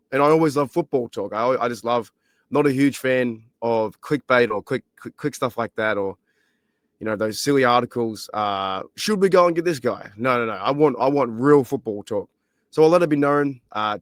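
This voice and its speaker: Australian male podcast host, voice shot and hoarse, chatty and rambling, mid-pitched, close and dry sound. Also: dry recording. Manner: rambling, excitable, many fillers. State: hoarse, lost voice. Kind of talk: casual solo podcast chat. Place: library.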